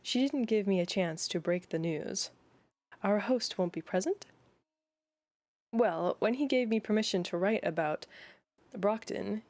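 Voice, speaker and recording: Brisk young lady journalist in a put-on Australian accent, chatty and frank, read by a woman. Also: mid-range voice, darkish tone, close to an everyday voice.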